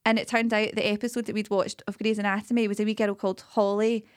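A woman's voice: mid-range voice, little pitch movement, no room sound, clean studio sound. A Scottish woman co-hosting a podcast, telling family stories in casual chat. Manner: quick, storytelling. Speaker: podcast co-host.

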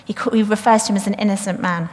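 A woman's voice: medium pitch, fairly even intonation, quick pace, darkish tone. A woman preaching a sermon, retelling the story in a chatty way and reading scripture aloud. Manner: conversational, retells the story plainly with fillers. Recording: long reverb of a church hall.

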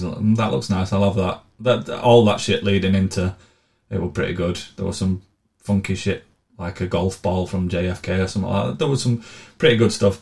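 A man's voice: sits low, darkish tone. A man telling blunt, sweary, sardonic travel stories in a casual monologue. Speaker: vlogger.

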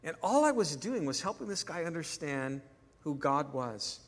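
A man's voice: a little high, very animated, moderate pace, in a large hall. A male pastor preaching a sermon in a conversational way, acting out dialogue when he tells stories.

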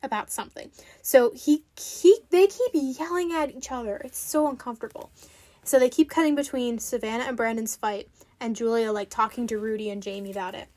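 A woman's voice: on the high side, brisk, warm tone. A woman giving a casual, opinionated recap of a reality show episode, chatting loosely and leaning hard on "like". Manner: chatty and opinionated, heavy use of "like".

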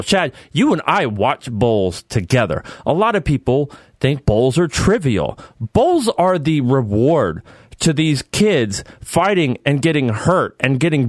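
A man's voice: mid-range voice, no room sound, clean studio sound. A man hosting a casual sports podcast, talking in an opinionated, rambling way with lots of asides. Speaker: podcast host.

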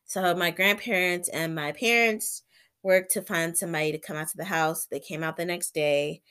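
A woman's voice: lowish voice, steady tone, moderate pace, pushed and bright, clean tone. Chatty young woman telling a story. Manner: chatty, heavy use of "like", acts out her own reactions. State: sick with covid and an ear infection. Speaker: vlogger. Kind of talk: casual storytelling.

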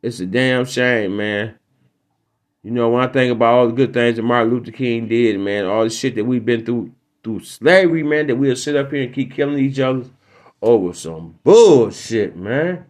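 A man's voice: medium pitch, moderate pace, darkish tone. A man hosting his own podcast, rambling through a profane, preachy comic monologue. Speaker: podcast host.

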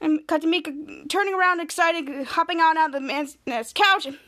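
A woman podcast host recapping a TV episode scene by scene in halting, repetitive narration with restarts. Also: very high voice, bright, forceful tone.

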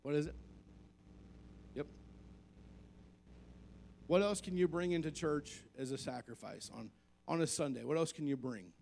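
Male pastor, sermon, gravelly, fairly high voice, conversational, humorous, talks to the congregation. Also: a little slow, pauses often, a little mellow.

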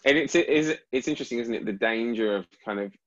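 A man's voice: medium pitch, fast. A man who hosts the talk and is a psychologist, thinking aloud in a reflective, hesitant way with many fillers. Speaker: podcast host, psychologist. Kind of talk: reflective conversation. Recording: slightly dull lo-fi audio.

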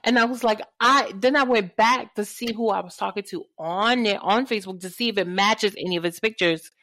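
Podcast co-host, woman, animated storyteller, dry close sound. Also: medium pitch, a little fast, dry recording. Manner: animated storytelling, acts out quotes. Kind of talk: casual chat.

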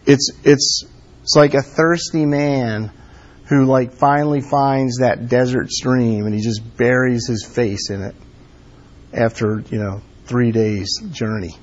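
A man preaching a casual, conversational sermon, filling his talk with "like" and "um" and pressing his points with warm emphasis. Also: mid-range voice, steady tone, takes it slowly. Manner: conversational, many fillers like "like" and "um". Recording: dull lo-fi sound.

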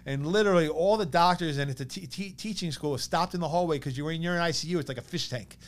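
A man in his thirties with a New York accent, telling a personal story as a podcast guest in an animated way, acting out what others said. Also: on the high side, quick pace. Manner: animated, quotes others in lively bursts.

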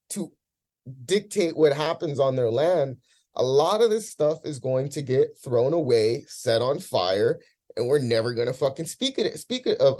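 A man's voice: a little high, mellow. A man in a podcast discussion, talking in an impassioned, profane rant, visibly emotional.

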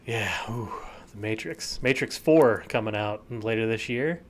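A man's voice: on the low side, measured pace. Joking, rambling podcast co-host man. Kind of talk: casual chat.

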